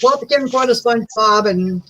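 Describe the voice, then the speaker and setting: A woman's voice: a little high, brisk, a bit bright, poor audio. A woman chatting as a guest, telling rambling stories full of asides. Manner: rambling storyteller, many "you know"s. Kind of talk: casual chat.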